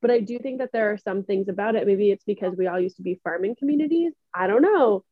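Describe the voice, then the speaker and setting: A woman's voice: medium pitch, fast talker, dry recording, phone-quality sound. A young woman with a New Hampshire accent, co-hosting a podcast and telling stories in casual chat, laughing often. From New England. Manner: chatty storyteller, laughs often. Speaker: podcast co-host.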